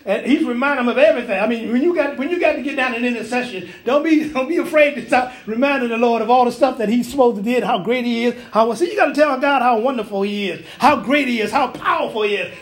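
A man's voice: very high-pitched, fast talker, hardly any pauses, reverberant. A man preaching a sermon in a church, emphatic and folksy, drawing responses from the congregation.

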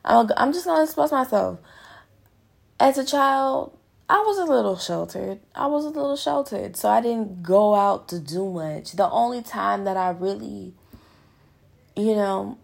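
A woman's voice: medium pitch, measured pace, vocal fry. A young woman hosting a podcast in casual, frank monologue, swearing freely and calling listeners girl and honey. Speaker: podcast host.

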